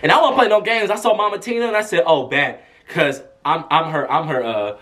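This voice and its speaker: A young man telling a casual story to camera as a vlogger, animated and chatty, acting out what people said. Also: fairly high pitch, a little fast. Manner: animated, chatty, acts out quotes in a raised voice. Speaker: vlogger and press escort.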